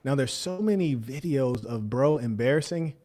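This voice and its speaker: A man's voice: medium pitch, expressive, normal speed, mellow. A man streaming casual reaction commentary, joking and mocking as he talks over video clips.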